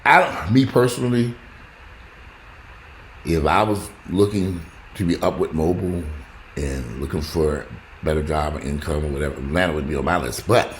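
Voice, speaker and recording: A man talking casually to his viewers, rambling and joking, swinging between loud exclamations and low asides. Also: normal speed, slight background noise. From United States. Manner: rambling, joking, talks straight to the audience. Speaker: vlogger.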